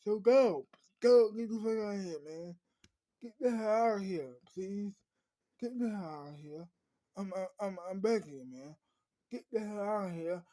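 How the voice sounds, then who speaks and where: A woman's voice: medium pitch, lively intonation, moderate pace, mellow, no room sound, close to an everyday voice. A woman voicing Randy, an injured man who urges the others to leave, insistent and pleading.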